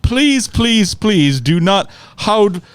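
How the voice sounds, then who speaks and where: A man's voice: on the high side, lively intonation, unhurried, no echo. A man putting on a pompous posh Londoner. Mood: haughty. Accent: London English, put on. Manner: haughty, mock-formal insults. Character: pompous posh older Englishman, uncle.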